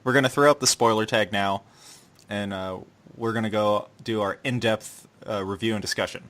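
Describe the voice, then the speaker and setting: A man's voice: fairly low pitch, steady tone, normal speed, fairly bright tone. A man hosting a casual podcast chat, leading the discussion in a loose, profane way with plenty of fillers. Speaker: podcast host.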